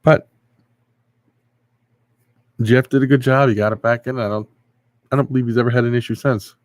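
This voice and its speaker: A man's voice: medium pitch, fairly even intonation, normal speed, no room sound. A man hosting a casual livestream, answering viewers and rambling through a story. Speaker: livestream host.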